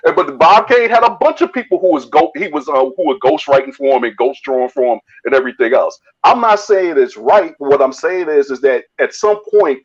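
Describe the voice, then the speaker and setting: A man on a live panel arguing his point at length and with emphasis, often restarting his sentences. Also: medium pitch. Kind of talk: casual live panel chat. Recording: muffled lo-fi audio.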